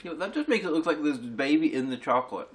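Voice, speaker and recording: A man chatting casually as host of a tasting video, making dry, deadpan jokes. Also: a little high, quick pace, poor audio. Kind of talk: casual chat.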